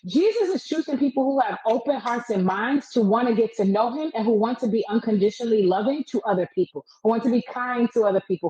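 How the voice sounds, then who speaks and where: A woman appearing as a podcast guest shares her faith testimony in casual conversation, preaching and telling stories with animated delivery. Her voice sits on the high side, and the sound is lo-fi.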